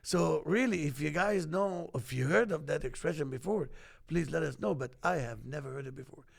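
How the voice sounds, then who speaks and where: A middle-aged man from Egypt, hosting a casual chat and telling animated stories. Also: fairly high pitch, brisk, creaky. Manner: animated storyteller, acts out quoted voices. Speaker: host.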